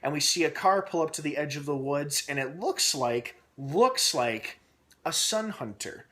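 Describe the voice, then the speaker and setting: A man's voice: fairly high pitch, animated, unhurried, bright, forceful tone. A young man hosting a casual TV episode recap vlog. He rambles with a lot of "uh" fillers and restarts, and he asks himself questions aloud as he speculates. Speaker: TV episode reviewer and channel host.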